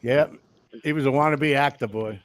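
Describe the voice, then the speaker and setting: A man's voice: mid-range voice, moderate pace. A man speaking as a guest in a casual chat, blunt and profane, often chiming in.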